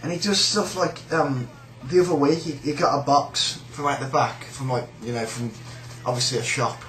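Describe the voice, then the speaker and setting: A man's voice: medium pitch, fairly even intonation, normal speed, a bit bright, reverberant, poor audio. A man with a British accent ranting in a sneering, rambling, sweary way about a coworker. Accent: British English. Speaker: shop worker. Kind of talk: casual rant.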